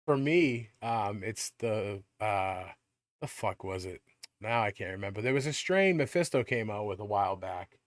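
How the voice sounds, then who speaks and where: A man's voice: on the low side, expressive, moderate pace, dry recording, studio quality. A man co-hosting a podcast in casual chat, rambling and swearing freely. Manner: rambling, swears often, restarts. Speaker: podcast co-host.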